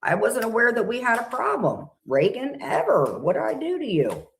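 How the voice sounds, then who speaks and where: A woman's voice: on the high side, huge pitch swings, moderate pace, slight background noise. A woman in a heated live-stream argument, pleading and calling people honey.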